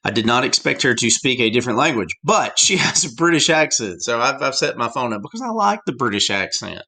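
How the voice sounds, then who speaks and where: Animated Southern US teacher, man. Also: medium pitch, brisk. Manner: animated, chatty, with many asides. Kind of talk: classroom lecture.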